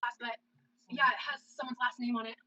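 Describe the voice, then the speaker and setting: A woman's voice: a little high, little pitch movement, a little fast, pushed and bright, dull audio. A woman talking casually and offhandedly as she cooks in a video clip. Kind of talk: casual cooking video talk.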